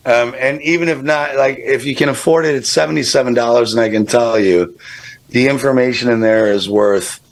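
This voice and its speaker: Gravelly-voiced male guest, casual and emphatic, swears a lot, mid-range pitch. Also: fairly even intonation, fairly quick. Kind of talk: casual radio chat.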